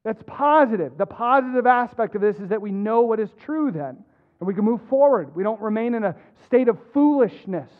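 High-voiced pastor preaching over tinny audio. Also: male voice, lively intonation. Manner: earnest, halting with repeated restarts. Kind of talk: sermon. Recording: tinny phone-like sound.

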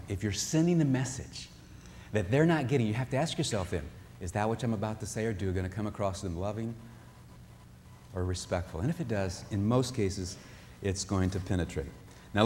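A man giving a sermon-style talk on marriage, animated, acting out what spouses say. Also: on the low side, long reverb tail, slight background noise. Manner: animated, acts out spouses' voices. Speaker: marriage speaker.

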